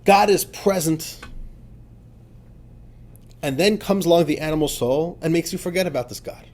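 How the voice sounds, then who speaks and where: A man, a rabbi, teaching a religious text in an emphatic lesson, moving between quiet asides and fervent, urgent outbursts. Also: on the high side, moderate pace.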